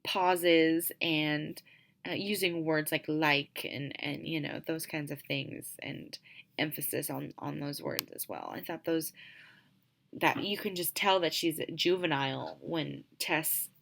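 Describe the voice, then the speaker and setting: A woman's voice: low voice, takes it slowly, creaky, fairly bright tone. A young woman giving a casual class presentation as a student, hesitant and full of filler ums.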